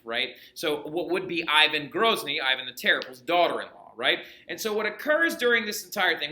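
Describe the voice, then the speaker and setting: A man lecturing on history to his class, animated and chatty, often checking in with his students. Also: on the high side, reverberant. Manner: animated, chatty, many asides and rhetorical checks. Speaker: history teacher.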